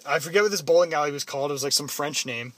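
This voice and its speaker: A man's voice: fairly high pitch, fast, a crowd in the background. A young man from Canada casually telling a story to a friend, acting out the people in it. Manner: animated, acts out quotes in loud put-on voices.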